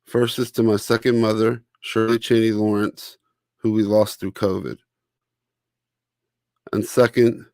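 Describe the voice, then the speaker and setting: A man reading his own children's picture book aloud as narrator, with a steady, clear delivery. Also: fairly low pitch, no room sound. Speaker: author and narrator.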